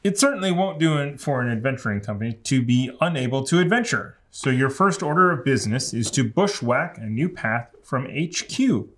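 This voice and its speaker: A man's voice: mid-range voice, brisk, few pauses. Man reading board game rules aloud. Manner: reads game cards and rules aloud, steady and matter-of-fact. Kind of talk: casual tabletop game chat.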